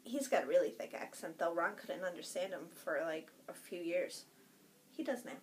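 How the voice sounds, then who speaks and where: A woman co-hosting a podcast, telling family stories in casual, animated chat. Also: lowish voice, slight background noise. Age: adult with a young son. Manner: animated storyteller, quick laughs. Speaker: podcast co-host.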